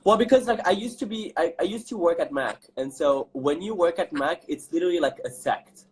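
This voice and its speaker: A man's voice: on the high side, fairly quick, poor audio. A young man from France with a French accent, hosting a casual live chat as a drag performer, campy and chatty, reading comments aloud.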